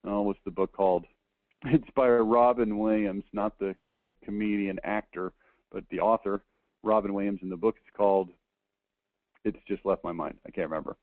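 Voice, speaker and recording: A man's voice: lowish voice, fairly even intonation, moderate pace, no echo. A man giving a conversational slide lecture, tagging his points with "okay?" and restarting words as he talks. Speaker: presenter reviewing a book. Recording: dry, phone-like lo-fi audio.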